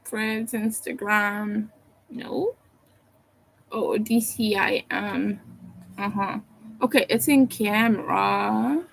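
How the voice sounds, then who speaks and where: A woman's voice: mid-range voice, steady tone, extremely slow, creaky, pauses often, a little hiss or hum, rough recording. A sleepy woman on a casual livestream from home, rambling and apologizing as she thinks aloud. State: sleepy, yawning.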